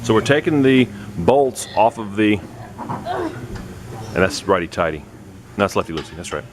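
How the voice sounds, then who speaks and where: A man's voice: on the low side, big pitch swings, a little slow, a crowd in the background. Man explaining car repair in a garage. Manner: instructive, coaching a child through repairs. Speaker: host of a garage video. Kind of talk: casual workshop narration. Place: home garage. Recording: noisy garage recording.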